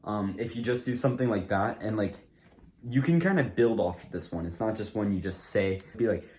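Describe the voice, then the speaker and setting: A man with a fairly low voice talks loosely to the camera, handing out tips. He rambles, leans on "like" and keeps restarting his sentences, and the tone stays casual throughout. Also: brisk, a little mellow, slight background noise. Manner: rambling, filler-heavy, lots of "like" and restarts. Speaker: comedy video creator. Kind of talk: casual talk-to-camera advice.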